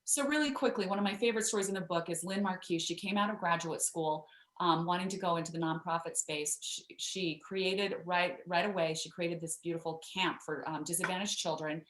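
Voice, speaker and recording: A chatty woman guest on an interview show, her voice sitting a little low for a woman. She talks freely with plenty of fillers and restarts. The sound comes through roomy and echoey. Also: brisk, fairly bright tone, a little hiss or hum. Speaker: guest author. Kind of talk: interview storytelling.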